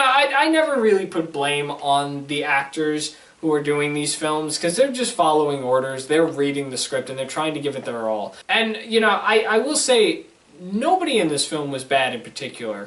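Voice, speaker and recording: Animated young man reviewing a film, roomy. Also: fairly high pitch. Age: young adult. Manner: rambling, animated, with laughing asides and sarcastic questions. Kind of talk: casual spoken film review. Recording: roomy sound from a distant mic.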